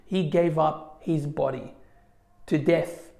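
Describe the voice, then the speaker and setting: A man's voice: a little high, steady tone, slow, gravelly, warm tone. A man teaching a religious class from slides, reading scripture aloud and explaining it in a loose, conversational way. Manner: conversational, many fillers, reads scripture aloud. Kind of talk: informal slide lecture on scripture.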